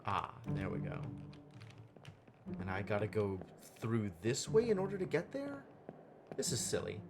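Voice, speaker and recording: A man's voice: on the low side, huge pitch swings, a little slow, music in the background. A man streaming a game live, thinking aloud and muttering counts to himself as he works through a puzzle. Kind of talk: live gameplay commentary.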